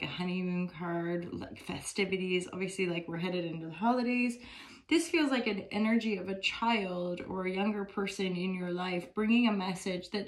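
Chatty woman giving a tarot reading. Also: medium pitch. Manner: chatty and upbeat, with many fillers. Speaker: tarot reader. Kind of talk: casual tarot reading to camera. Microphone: phone.

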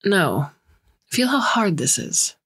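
Stern male inspector, voiced by a woman, accusing, insistent, low-pitched. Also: sing-song, slow pace, fairly bright tone, breathy edge, exaggerated voice. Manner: insistent, lecturing.

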